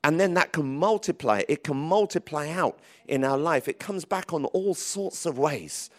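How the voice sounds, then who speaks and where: Lively preaching man. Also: on the high side, normal speed. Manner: lively, rising to emphatic calls, with many restarts. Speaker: pastor. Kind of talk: sermon. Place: church.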